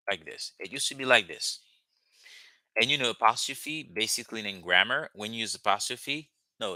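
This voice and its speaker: Man teaching in bright voice. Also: medium pitch, no room sound. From Haiti. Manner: explains slowly with frequent "okay?" checks and restarts. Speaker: language teacher. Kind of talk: casual language lesson.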